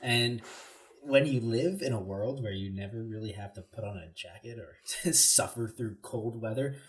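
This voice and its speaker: A man in his twenties hosting a podcast, chatting with a guest in a relaxed way. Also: on the low side, normal speed. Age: 20s. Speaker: podcast host. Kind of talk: casual interview chat.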